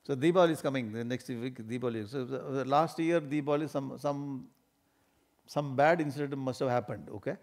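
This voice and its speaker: A man's voice: medium pitch, brisk, a little mellow. A man with an Indian English accent giving a spiritual discourse, telling funny everyday stories, laughing often and acting out little scenes.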